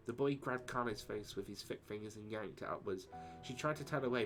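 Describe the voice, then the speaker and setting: A man streaming a game, reading its story text aloud and chatting casually with viewers. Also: fairly low pitch. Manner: steady reading, casual asides to chat. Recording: voice over game music.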